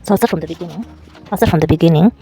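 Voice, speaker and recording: A vlogger casually chatting, then reading a book aloud in a halting way, restarting and correcting words. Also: mid-range voice, vocal fry, warm tone, husky, soft background music, poor audio. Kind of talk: casual vlog and unpolished read-aloud.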